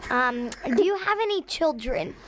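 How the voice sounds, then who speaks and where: A woman's voice: high voice, lively intonation, moderate pace, slight background noise, poor audio. A woman co-hosting a podcast, asking questions, teasing and giggling in casual chat.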